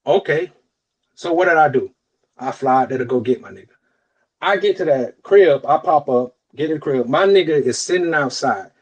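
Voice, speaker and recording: Animated, profane man from Florida. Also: moderate pace, slightly rough. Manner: animated, profane, swings between loud outbursts and low asides. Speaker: podcast co-host. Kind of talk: casual storytelling chat.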